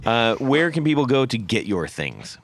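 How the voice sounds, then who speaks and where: A man's voice: mid-range voice, sing-song, moderate pace, no room sound. A man hosting a podcast, giving upbeat thanks and a friendly sign-off. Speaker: podcast host. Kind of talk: casual chat.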